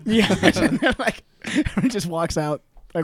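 A man's voice: high-pitched, lively intonation, slow, crowd noise. A man chatting casually on a comedy podcast, loose and profane, laughing often. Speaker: comedian podcast guest or host.

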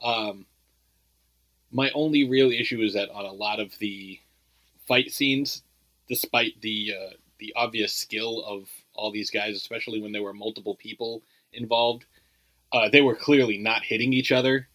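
A man's voice: fairly low pitch, fairly even intonation, normal speed, sharp tone, dry recording, low-quality recording. A man co-hosting a casual movie review podcast, talking in a loose, rambling way full of "like" and "you know.". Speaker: podcast co-host.

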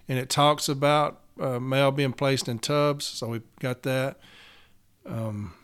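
A man talks straight into his own podcast, blunt, profane and quick to get fired up. His voice sits a little high for a man and comes through smooth and clear. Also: fairly bright tone. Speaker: union steward podcaster. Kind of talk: casual podcast monologue.

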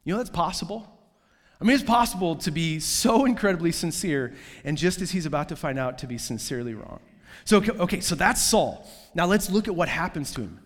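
A man preaching in a relaxed, chatty style, his voice sitting a little higher than most men's. He keeps throwing in asides and fillers. His words ring with a long reverb, as if he is standing in a large hall. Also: a little fast. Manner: casual, conversational preaching with many fillers and asides. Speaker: pastor. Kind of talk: sermon.

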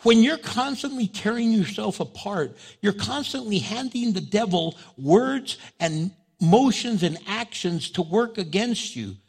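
A man preaching a sermon with passion, rising loud as he urges his listeners and acting out the things people say to themselves. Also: expressive, measured pace, few pauses, husky. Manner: impassioned, voice drops low and soft in prayer, rises loud when exhorting; acts out inner voices and quoted prayers. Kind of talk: sermon with spoken prayer.

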